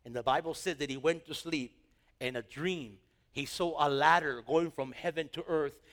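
A man preaching a sermon, acting out Bible dialogue in lively quoted voices. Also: a little high. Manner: animated, acts out Bible dialogue in quick voices. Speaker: pastor.

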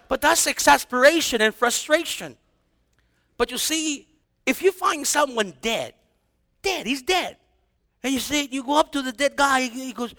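A man preaching a sermon as pastor, casual and animated, with slang and acted-out quotes. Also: very high-pitched, normal speed, big-room sound.

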